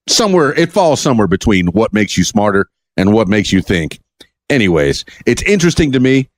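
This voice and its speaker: A man hosting his own podcast alone, talking in a chatty, jokey, animated way. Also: fairly low pitch. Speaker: podcast host. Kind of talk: solo podcast monologue.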